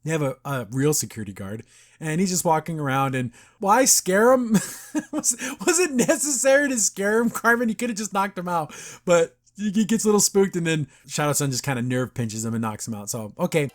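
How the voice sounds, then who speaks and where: A young man hosts a casual podcast and recaps a cartoon episode with plenty of excitement. His voice sits a little high for a man. He slips into the characters' lines as he talks through each scene. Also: a little fast. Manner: enthusiastic, chatty, acts out characters' lines in quotes.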